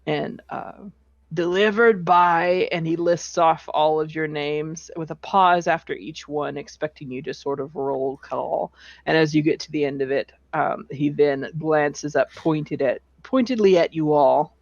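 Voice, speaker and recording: A game master narrating a tabletop game in a relaxed, hesitant way, with many fillers. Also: medium pitch, unhurried, creaky, no echo. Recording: dull, slightly lo-fi online call audio.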